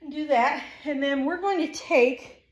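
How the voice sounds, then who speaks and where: Woman vlogger, somewhat high voice, rambling home chat, slightly winded, echoey room. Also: a little slow, distant mic. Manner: chatty, rambling with many ums. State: out of breath after exercise. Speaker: lifestyle vlogger. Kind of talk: casual home vlog. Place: at home, workout area then kitchen.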